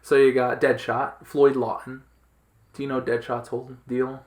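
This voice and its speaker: A man's voice: mid-range voice, level tone, moderate pace. A man hosting a casual podcast chat, explaining things enthusiastically with lots of fillers and restarts. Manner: enthusiastic, rambling, many fillers. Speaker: podcast host. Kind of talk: casual chat about comics.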